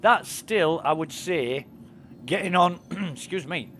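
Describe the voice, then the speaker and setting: A man's voice: high-pitched, slow pace, fairly bright tone, slight background noise. A man chatting casually while live-streaming a video game, rambling with lots of fillers and laughing at his own stories. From United Kingdom. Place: home desk.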